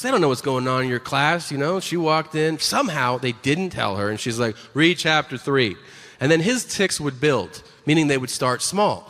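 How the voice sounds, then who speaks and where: Animated stand-up comedian with a bright voice. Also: male voice, a little high, big-room sound. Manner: animated, profane storytelling, acting out characters. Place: stage before a live audience.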